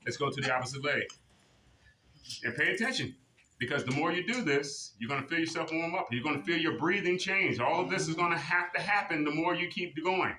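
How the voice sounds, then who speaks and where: A man's voice: fairly high pitch, fairly quick, a little hiss or hum. Motivating male fitness instructor, echoey room. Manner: motivating, counts reps in a loud drill-sergeant cadence. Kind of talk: leading a seniors' exercise class. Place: senior center activity room.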